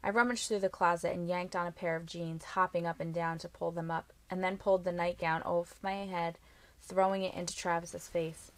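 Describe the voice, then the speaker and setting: A woman reads a first-person novel aloud in a steady, quietly expressive way. Her voice is lower than most women's, recorded close on a mic in a dead, dry space. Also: moderate pace, dry recording. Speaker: audiobook reader.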